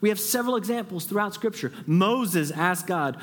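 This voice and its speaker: A pastor delivering a sermon in a church, his voice sitting a little higher than most men's. He talks earnestly, rising to urgent peaks and sinking to near-whispers for prayers. The sound carries a long reverb tail from the large hall. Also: animated, moderate pace, hardly any pauses. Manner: earnest, rises to an urgent high pitch when stressing a point; drops to a soft hush when voicing a prayer. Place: church sanctuary.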